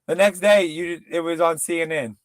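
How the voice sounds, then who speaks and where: A man in casual, profane podcast chat, rambling and slipping into quick impressions. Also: on the high side, fairly even intonation, dry recording. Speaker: podcast co-host.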